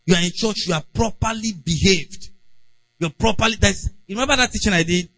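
A man's voice: high voice, brisk, fairly bright tone, no room sound, rough recording. A man preaching a conversational sermon and acting out little everyday scenes. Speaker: pastor.

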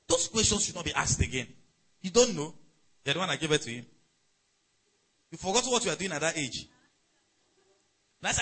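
A middle-aged man preaching a sermon as pastor, emphatic, swinging between loud and soft and checking in with the congregation. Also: sits high, wildly swooping pitch, fairly quick, long pauses, slightly rough, low-quality recording.

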